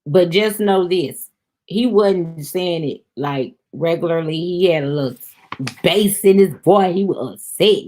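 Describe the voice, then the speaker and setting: A woman's voice: lowish voice, unhurried, a little mellow. A woman hosting a review show, chatting casually through an episode recap and talking straight to her viewers. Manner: chatty, addresses viewers as "y'all".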